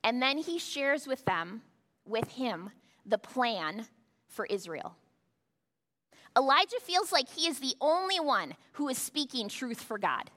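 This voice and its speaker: A woman's voice: sits high, lively intonation, takes it slowly, a bit bright. A woman pastor giving a sermon, talking conversationally with rhetorical asides to the congregation. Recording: long hall reverb.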